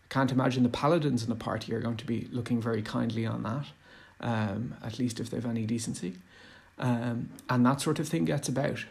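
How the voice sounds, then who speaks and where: A man's voice: medium pitch, steady tone, brisk, gravelly, a little mellow. A man giving a rambling casual monologue on running tabletop games, hesitant with many fillers and restarts. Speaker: tabletop game commentator.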